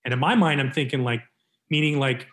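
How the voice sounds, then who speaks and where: Male guest, Canadian-raised, forties, lively storyteller, casual. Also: mid-range voice, brisk. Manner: animated storyteller acting out quotes. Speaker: former baseball pitcher, guest.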